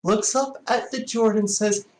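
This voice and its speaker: A player chatting quickly and animatedly during a tabletop game. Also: mid-range voice, steady tone, a little mellow, roomy sound, slight background noise, poor audio. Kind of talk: casual tabletop play.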